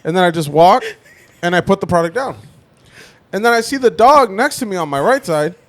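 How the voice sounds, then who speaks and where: A man's voice: high-pitched, expressive, fairly quick, a bit bright. A young man on a podcast, telling a story in casual chat, swearing and acting out the voices of the people in it. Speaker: podcast co-host.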